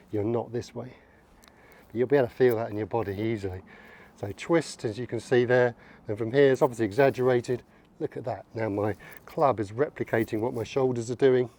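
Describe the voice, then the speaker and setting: Man, golf coach, outdoors, encouraging, demonstrating, mellow relaxed voice. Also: medium pitch. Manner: upbeat, encouraging, demonstrating as he talks. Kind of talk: on-course golf instruction.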